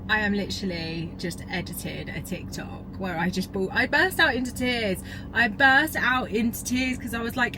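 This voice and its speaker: A woman's voice: a little high, lively intonation, a little slow, background noise. A woman, talking candidly and emotionally to camera in a casual vlog. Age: 30s. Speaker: vlogger. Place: in a parked car and at the gym.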